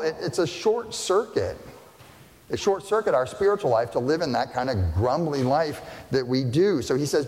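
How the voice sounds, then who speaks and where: A man's voice: mid-range voice, a little mellow. A man pastor preaching a conversational sermon, often checking in with the congregation by asking "right?". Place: church sanctuary. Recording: long reverb of a church hall.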